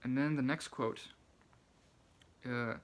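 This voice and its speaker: A man's voice: medium pitch, fairly even intonation, slow pace. Shy, hesitant man reading quotes. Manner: soft-spoken, hesitant, many fillers and restarts. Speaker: book channel host. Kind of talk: reading quotes aloud and commenting.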